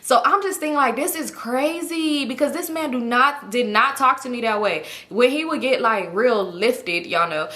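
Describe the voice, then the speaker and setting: A young woman telling a storytime vlog in animated, slangy, profane casual talk. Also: a little high, moderate pace, few pauses. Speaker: YouTube storyteller.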